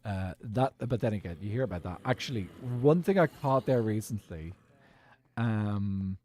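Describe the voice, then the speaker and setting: A man's voice: fairly low pitch, lively intonation, normal speed, darkish tone. A man with an Irish accent, chatting casually and rambling off on tangents while livestreaming a game. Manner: rambling, digressive, laughs often. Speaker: streamer.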